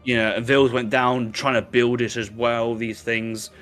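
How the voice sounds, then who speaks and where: A man casting a live esports match, breaking down plays analytically with quick restarts. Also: medium pitch, little pitch movement, a bit bright, soft background music. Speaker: esports caster. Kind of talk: live game commentary.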